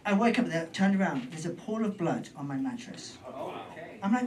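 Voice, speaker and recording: A man's voice: on the high side, sing-song, moderate pace, a little mellow, distant mic, a little hiss or hum, poor audio. A British man doing storytelling stand-up on a club stage, rambling and self-deprecating with trailing asides. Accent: British English. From Britain. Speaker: stand-up comedian.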